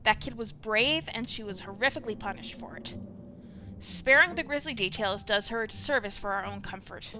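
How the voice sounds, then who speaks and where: A woman voicing a gruff, scowling caretaker who talks in a blunt, clipped, irritable way. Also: on the high side, brisk, sharp tone, a little hiss or hum. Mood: curt.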